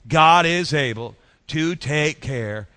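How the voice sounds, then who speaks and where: A man preaching a sermon as pastor, in a rhythmic style that drops soft at phrase ends and leads the congregation in repeating lines. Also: fairly high pitch, animated, takes it slowly, dry recording. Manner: leads congregation in call-and-response.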